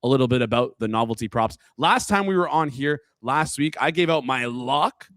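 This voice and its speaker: A young man from Canada hosting a casual sports betting podcast, playful and quick to laugh, his pitch jumping up when he gets excited. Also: no echo, clean studio sound. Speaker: podcast host.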